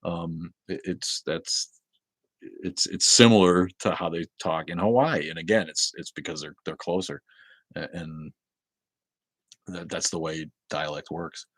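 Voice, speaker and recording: A deep-voiced man with a New England accent hosts a casual livestream and chats his way through viewer comments. He rambles and keeps stumbling over restarts, and his voice sits close and dry with no room sound. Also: steady tone, a little slow, dry recording. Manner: rambling and chatty, with stammered restarts. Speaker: livestream host.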